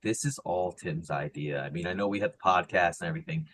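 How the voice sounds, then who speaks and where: A man co-hosting a podcast in emotional casual chat, animated, swinging from soft and quiet to loud excited bursts. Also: deep voice, fast, a little hiss or hum, poor audio. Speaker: podcast co-host.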